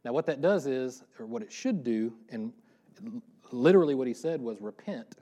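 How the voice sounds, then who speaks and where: Fast-talking man preaching a casual sermon. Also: mid-range voice, expressive, dark tone. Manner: fast-talking, self-deprecating, joking asides. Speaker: pastor.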